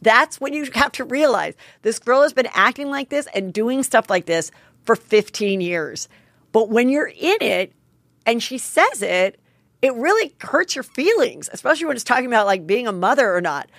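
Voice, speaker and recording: A woman's voice: fairly high pitch, sing-song, moderate pace, a bit bright, no echo, clean studio sound. A middle-aged woman hosting a podcast, telling a story in a candid, chatty, self-mocking way with some swearing. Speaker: podcast host. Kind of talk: casual storytelling monologue.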